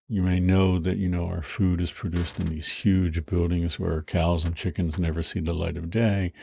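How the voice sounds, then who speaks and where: A man's voice: low voice, vocal fry, dark tone, slightly rough, no room sound, studio quality. A male lecturer giving a conversational university lecture, full of fillers and restarts.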